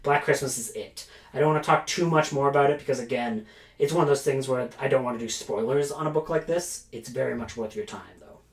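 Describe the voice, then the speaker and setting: A man's voice: mid-range voice, fast talker. A man casually reviewing horror books for a vlog, enthusiastic and prone to rants, with lots of "like" and "um". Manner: enthusiastic, ranting, filler-heavy. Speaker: book reviewer. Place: small storage room, indoors. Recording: roomy storage-room echo.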